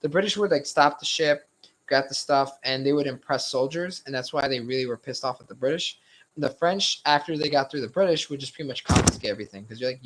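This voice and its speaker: A man's voice: mid-range voice, fast talker, fairly bright tone, a little hiss or hum, poor audio. A young man leading a casual study-session lecture, loose and rambling with frequent swearing and hedging, his voice a little strained. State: slightly strained voice.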